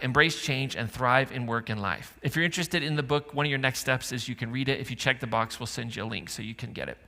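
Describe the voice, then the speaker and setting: Bright-voiced pastor preaching in a big hall. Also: male voice, medium pitch. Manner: conversational, joking with the congregation. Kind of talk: sermon. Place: church auditorium. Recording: church hall reverb with faint music.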